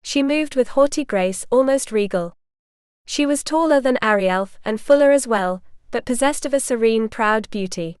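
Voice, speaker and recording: A woman narrating a historical romance audiobook in a measured, even storytelling manner. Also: fairly high pitch, clean tone, no room sound, clean studio sound.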